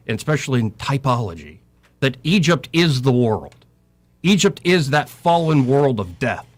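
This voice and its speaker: A middle-aged man giving impassioned talk radio commentary, preaching with scripture and swinging his voice up and down. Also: mid-range voice. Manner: preacherly, quoting scripture, voice rising and falling.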